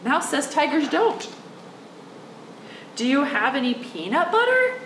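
A children's librarian, a woman, reads a picture book aloud in a lively, sing-song voice, drawing the little ones in. She talks in an unhurried way. The sound is roomy and echoing, picked up from a few steps away. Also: sits high, far from the mic, a little hiss or hum. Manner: animated, coaxing, speaks directly to the kids.

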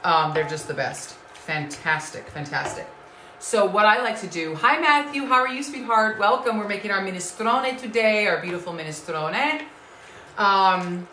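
A woman with a low-pitched but bright, forceful voice hosts a live-stream cooking show from her home kitchen. She talks in an effusive, gushing way, greeting viewers by name and calling them sweetheart. The sound is echoey, bouncing off the kitchen walls. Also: a little hiss or hum.

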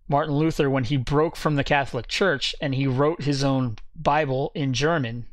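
A man's voice: mid-range voice, no room sound. A man teaching a Bible study in a conversational, explanatory way, often correcting himself as he goes.

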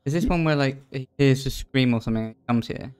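A man's voice: mid-range voice, quick pace, darkish tone, clean tone. A man chatting casually while playing a horror game, laid-back and teasing, swearing freely. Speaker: let's play co-host. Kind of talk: casual gaming chat.

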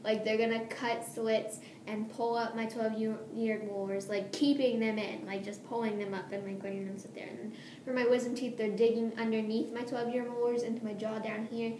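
A woman's voice: fairly high pitch, flat delivery, normal speed. A nervous teenage girl rambling casually about her upcoming surgery, giggling often and drifting off topic, recorded in a room at home. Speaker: vlogger. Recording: echoey room, faint hiss.

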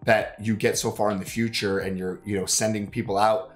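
A man's voice: fairly low pitch, level tone, a little fast, faint music behind. A man with a sick, congested voice chatting casually as a co-host of a movie reaction, rambling with lots of fillers and casual swearing. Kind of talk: casual chat.

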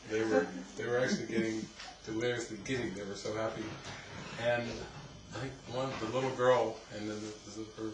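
A man's voice: lowish voice, fairly quick. Man telling stories in a roomy hall. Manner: rambling, laughing, animated storyteller. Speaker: spiritual teacher. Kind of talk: casual storytelling talk. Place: retreat hall. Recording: roomy, distant, noisy ambience.

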